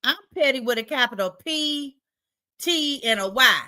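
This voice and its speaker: Bright-voiced woman hosting a livestream. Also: high-pitched, lively intonation, a little slow. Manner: chatty, reads viewer comments aloud, playful. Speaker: livestream host. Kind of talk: casual livestream chat.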